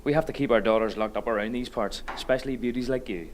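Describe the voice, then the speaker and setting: A man playing a deadpan rural joker. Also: medium pitch, quick pace, a little hiss or hum, close to an everyday voice. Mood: deadpan teasing. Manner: dry, deadpan teasing. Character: wry rural man teasing a visiting woman. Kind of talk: film scene dialogue.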